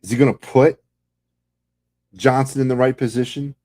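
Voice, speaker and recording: A man's voice: mid-range voice, steady tone, moderate pace, mellow. A man hosting a sports podcast, delivering a heated, sarcastic fan rant full of rhetorical questions.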